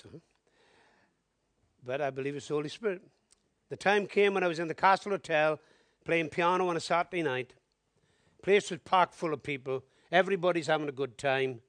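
A man preaching a sermon, telling his testimony in an animated storytelling way and building to emphatic appeals. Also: fairly high pitch, no room sound.

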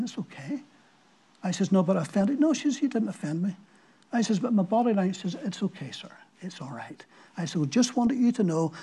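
Husky, high-voiced male preacher. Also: a little mellow. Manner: storytelling, acts out quoted voices, drops to a whisper at times. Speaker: pastor. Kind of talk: sermon.

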